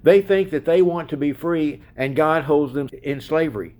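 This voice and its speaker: A man's voice: a little high, normal speed, a little mellow. Male preacher with a slightly raised voice, emphatic sermon delivery that puts questions straight to the congregation. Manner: emphatic, questions the audience directly.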